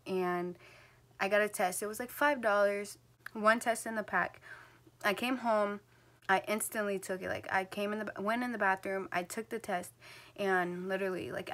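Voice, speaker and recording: A young woman in her late teens from New Jersey talks straight to her camera in a casual storytime vlog. Her voice sits at an ordinary middle pitch, and she rambles along with plenty of "like" and "um." She sounds like she's filming at home. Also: a bit bright. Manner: rambling, filler-heavy talk, full of "like" and "um". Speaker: vlogger.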